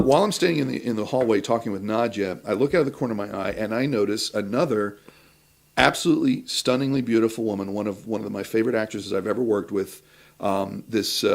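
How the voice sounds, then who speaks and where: A man's voice: fairly low pitch, vocal fry. A man co-hosting a casual talk show, telling a rambling anecdote with many fillers and restarts. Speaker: talk show co-host, actor.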